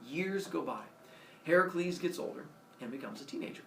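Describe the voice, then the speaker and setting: Man, teacher, playful classroom storytelling, lively pitch, echoey room, distant mic. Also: fairly quick, creaky, slight background noise. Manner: animated, playful, sound effects.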